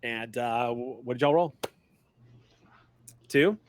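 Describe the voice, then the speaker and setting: A man's voice: mid-range voice, slow pace, slight background noise. A man narrating a tabletop game as game master, rambling a little with restarts.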